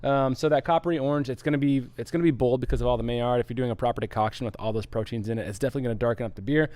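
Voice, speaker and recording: A man co-hosting a live brewery stream, explaining beer style guidelines in a relaxed way and reading out viewer comments. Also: mid-range voice, rapid-fire, no echo. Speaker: brewery livestream co-host. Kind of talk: casual live-stream chat.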